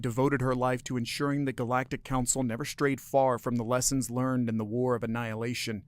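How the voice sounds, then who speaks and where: A man reads a science-fiction story in a measured, subdued narration. His voice sits at an ordinary middle pitch. The sound is dry and close, with no room around it. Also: no room sound. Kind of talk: scripted sci-fi story narration.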